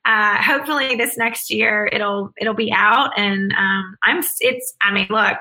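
Bright, upbeat woman interview guest. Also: mid-range voice, a little slow, poor audio. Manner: earnest and upbeat, with frequent restarts. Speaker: education speaker and author, interview guest. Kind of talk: conversational interview answers.

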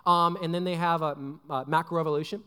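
A young male pastor delivers a loose, joking sermon full of asides and fillers. His voice sits high and he talks fast. The sound carries a long reverb from a large hall. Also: fairly even intonation, sharp tone, clean tone. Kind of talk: casual sermon.

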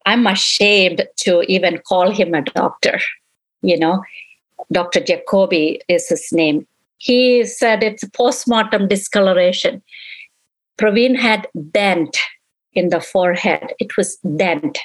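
A woman's voice: mid-range voice, takes it slowly, low-quality recording. A middle-aged woman, a grieving mother in an interview, recounting events and acting out the dialogue she remembers. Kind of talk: emotional personal recollection.

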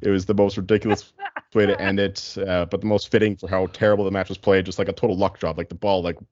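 A man's voice: sits low, flat delivery, fast, a little mellow, no room sound, muffled recording. Laid-back rambling podcast guy. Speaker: podcast co-host. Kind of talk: casual sports podcast chat.

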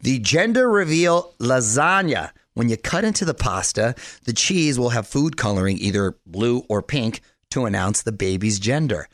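An energetic man hosting a radio show with a mid-range voice. He chats brightly and laughs easily, recorded close and dry in a studio. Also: medium pitch, normal speed, hardly any pauses, dry recording. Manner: energetic, chatty, laughs often. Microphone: studio microphone.

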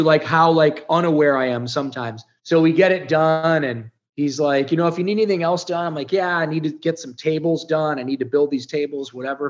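A man in his fifties, originally from Ohio, sharing his life story as an interview guest. He speaks in a fairly high voice that is earnest, emotional and peppered with swearing. The recording sounds slightly dull. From Ohio, United States. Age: 50s. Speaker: podcast guest.

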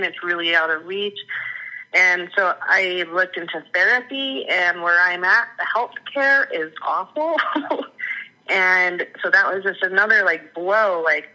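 A woman's voice: medium pitch, bright, forceful tone, low-quality recording. A woman who is a guest on the podcast, talking candidly and laughing often in a casual interview. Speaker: podcast guest, former coaching client.

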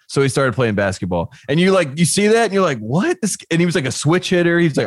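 A man co-hosting a relaxed sports talk show, telling stories with animated energy and frequent laughter. His voice sits at a middle pitch and is recorded dry and close, with no room sound. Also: fast, hardly any pauses, dry recording. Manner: animated storyteller, laughs often. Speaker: podcast co-host. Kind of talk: casual sports chat.

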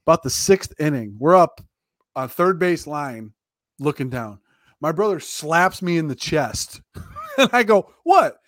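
A man co-hosting a casual sports podcast, telling lively anecdotes and laughing often. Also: on the high side, measured pace, no room sound, clean studio sound.

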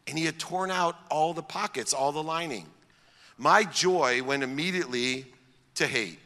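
A man tells a personal story with strong feeling and builds it toward a point. His voice is bright and pushed forward. It rings with the long reverb of a large hall. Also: on the high side, normal speed. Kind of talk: storytelling talk.

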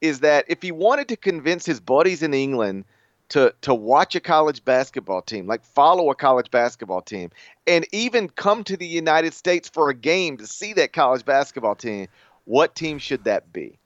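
A man's voice: fairly high pitch, sing-song, normal speed, no echo, lo-fi sound. A man co-hosting a casual sports podcast, reading listener mail in a wry, matter-of-fact way.

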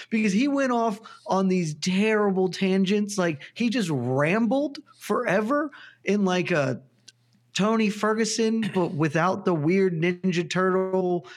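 A man, talking casually on a sports podcast. He rambles through long, animated tangents and swears now and then. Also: high-pitched. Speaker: podcast panelist. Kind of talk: casual chat.

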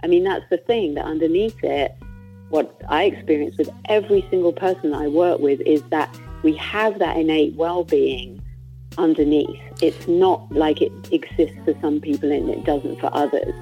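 Brief: low husky woman guest, reflective, halting, dull remote audio. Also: dark tone, soft background music. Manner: thoughtful, searching for words. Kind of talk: reflective conversation.

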